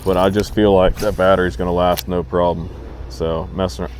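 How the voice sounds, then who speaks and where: A man vlogging while fishing from a boat on a river, talking excitedly to himself and the fish. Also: deep voice, brisk, slight background noise. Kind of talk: casual narration while fishing.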